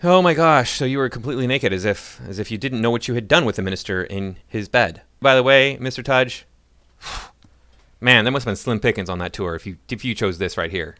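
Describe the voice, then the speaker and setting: Guy ranting sarcastic, low voice, talks super fast, dry sound. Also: noisy background. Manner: sarcastic, mocking. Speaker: political commentator. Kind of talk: ranting commentary.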